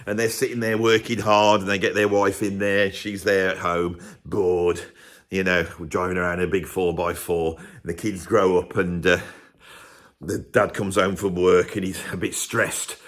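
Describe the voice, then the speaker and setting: A man's voice: sits low, flat delivery, moderate pace, a bit bright. A man from the UK hosting a music video, rambling sarcastically in a comic monologue to camera. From United Kingdom. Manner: sarcastic, rambling, self-interrupting.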